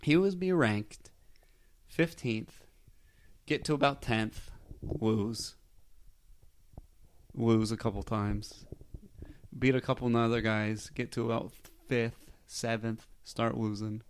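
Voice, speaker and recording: A man's voice: mid-range voice, slow pace, long pauses, clean tone. A man hosting a casual podcast, rambling enthusiastically and swearing freely. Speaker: podcast host. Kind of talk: casual chat.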